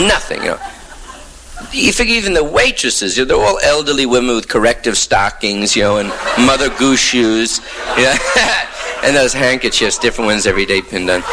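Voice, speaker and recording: A man from New York doing a rambling stand-up monologue full of hip slang, wry and offhand, in a noisy old live recording. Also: mid-range voice. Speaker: stand-up comedian.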